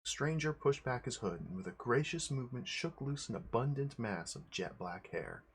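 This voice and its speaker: A man's voice: medium pitch, sing-song, normal speed, a little hiss or hum. A man streaming, casually reading a fantasy game manual aloud to viewers.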